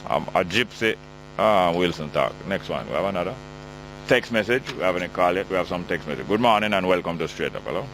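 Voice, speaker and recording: A man's voice: low voice, animated, fast, noisy background. A middle-aged man with a Jamaican accent hosting a call-in radio talk show, chatty and joking as he reads out listener texts.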